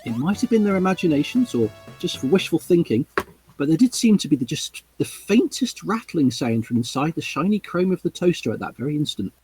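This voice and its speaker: A cheeky young Cockney lad, as a man reads him out in a storybook read-along. He talks chummy and excitable, pitched a little above a husky everyday voice and pushing his points with wheedling emphasis. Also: a little fast, dry recording, soft background music, exaggerated voice. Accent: Cockney put-on.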